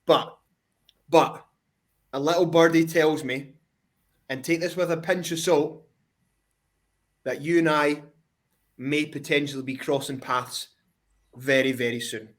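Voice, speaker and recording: A man's voice: on the high side, steady tone, unhurried, pauses often. A man, a wrestling champion, boastfully trash-talking his way into an interview over a video call. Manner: cocky, boastful, swaggering. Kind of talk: brash trash talk.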